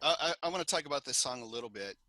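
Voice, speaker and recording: A man co-hosting a rock podcast, telling stories in an animated, laughing casual chat. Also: mid-range voice, racing, no room sound. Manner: animated storyteller, laughs often. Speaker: podcast co-host.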